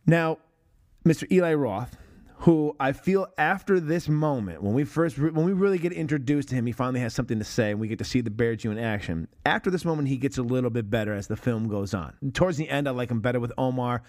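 A man hosting a casual film discussion podcast, cursing freely and jumping into quick impressions of movie dialogue. His voice sits in an ordinary middle register, and his delivery is loose and energetic. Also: mid-range voice. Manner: animated, profane, mimics movie lines. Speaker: podcast host.

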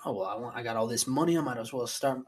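A man doing a put-on Irish accent as a boastful, wealthy Irish fighter, loud and sweary. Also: medium pitch, very fast, breathy edge, lightly acted.

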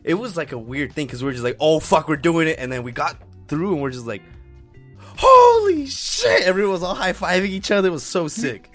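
A man's voice: on the high side, fast talker, faint music behind. A young man co-hosting a casual podcast, telling exaggerated stories full of swearing and acted-out quotes. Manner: animated, exaggerating, profane. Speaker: podcast co-host. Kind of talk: casual storytelling.

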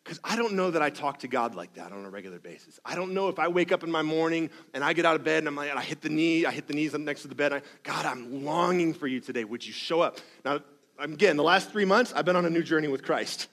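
A man's voice: a little high, quick pace, a bit bright. A man preaching a sermon as pastor, conversational and emphatic, with self-deprecating asides and rhythmic repetitions.

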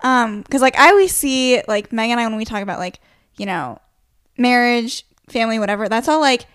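A woman's voice: fairly high pitch, brisk, a bit bright, smooth, no echo, clean studio sound. A young woman in her twenties chatting with friends, giggly and curious, asking questions with plenty of "like". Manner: giggly, inquisitive, many "like"s. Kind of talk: casual chat among friends.

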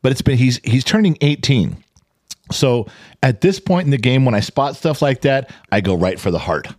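A man in his forties co-hosting a podcast, telling family stories in a blunt, profane, animated way. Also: mid-range voice, moderate pace, dry recording, studio quality. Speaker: podcast co-host. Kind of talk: casual chat.

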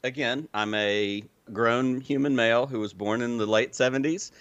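A man in his forties with a mixed Southern US and Midwestern accent, telling his story as a podcast guest in a relaxed, clearly enunciated way. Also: medium pitch, normal speed, no echo, muffled recording. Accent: Southern US with a Midwestern touch. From Illinois, raised in Alabama. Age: 40s. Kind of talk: casual interview chat.

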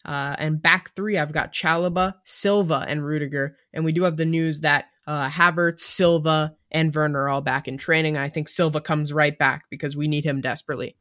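A man co-hosting a casual sports podcast, who talks tactics in an animated, jokey way. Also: on the high side, a little fast, few pauses. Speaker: podcast co-host.

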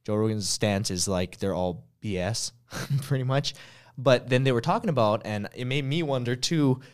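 A man hosting a podcast in easygoing, rambling chat. His voice sits at a middling pitch, and he strings his thoughts together with a steady stream of "like" fillers. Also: normal speed, smooth. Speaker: podcast host. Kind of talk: casual chat.

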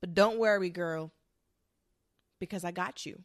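A woman's voice: fairly low pitch, a little slow, dry recording, studio quality. Sassy, profane woman ranting. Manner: sassy, profane, animated storytelling with mocking quoted voices. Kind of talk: ranting commentary monologue.

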